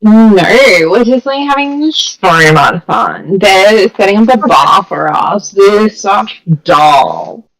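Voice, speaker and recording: A woman's voice: mid-range voice, animated, slow, few pauses, a bit bright, poor audio. A woman voicing a tipsy young woman on a hen night, bubbly and gushing. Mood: giddy.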